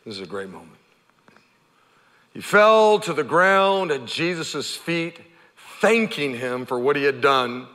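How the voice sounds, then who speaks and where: A man preaching from the pulpit, his voice bright and high-pitched. He tells the story with lively energy and acts out the characters' cries, and his words ring with a long reverb in a large hall. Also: a little slow. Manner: animated storytelling, acting out the characters' shouts. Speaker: pastor. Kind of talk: sermon.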